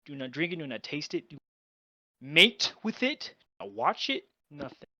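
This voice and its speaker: A young man telling a funny story as a guest, dramatic and exaggerated, jumping from loud outbursts to low mutters. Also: very animated, normal speed, no room sound, dull audio. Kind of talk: casual storytelling.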